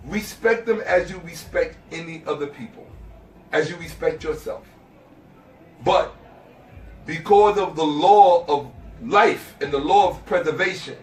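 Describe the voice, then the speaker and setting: A man's voice: fairly high pitch, roomy sound, far from the mic. A man giving an interview, lecturing emphatically and repeating phrases for stress. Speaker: interview guest. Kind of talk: impassioned lecturing in conversation.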